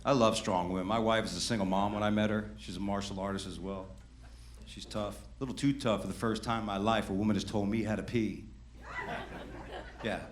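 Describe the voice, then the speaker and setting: A man's voice: lowish voice, fairly even intonation, a little fast. A middle-aged man from Queens doing brash, conversational stand-up on a comedy club stage into a handheld mic. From Queens, New York. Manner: brash, conversational, teasing the crowd. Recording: roomy club sound with ambient noise.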